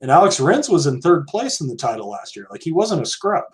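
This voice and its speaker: A man's voice: on the high side, sing-song, fairly quick. Man, American, podcast co-host, casual digressive chat, hedges a lot. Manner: chatty, digressive, hedging.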